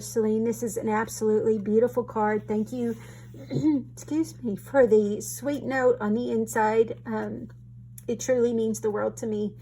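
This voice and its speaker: A woman's voice: medium pitch, mellow. Gushing woman with faint hum. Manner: gushing, halting with restarts. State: tearful, voice choked. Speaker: craft channel host. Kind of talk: casual craft show-and-tell.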